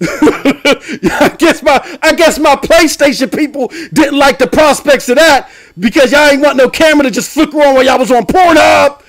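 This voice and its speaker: A young man hosting a gaming live stream, ranting loudly and laughing often as he swings between shouts and low mumbles. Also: normal speed. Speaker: game streamer and podcast host.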